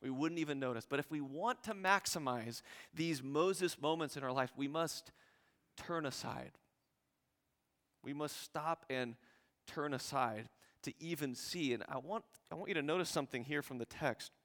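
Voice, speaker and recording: A man preaching a sermon as pastor, animated, acting out scripture dialogue with rising intensity. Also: fairly high pitch, normal speed, big-room sound.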